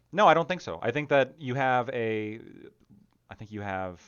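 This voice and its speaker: A man's voice: fairly low pitch, clear, resonant tone, dull audio. A man hosting a live stream, chatting casually and bluntly while playing a game, swearing freely. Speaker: streamer host.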